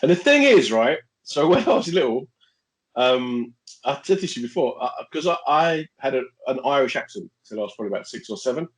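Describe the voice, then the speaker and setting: Animated joking man. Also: medium pitch, fairly quick, low-quality recording. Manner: animated, jokey, laughs often. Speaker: podcast co-host. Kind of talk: casual chat, storytelling.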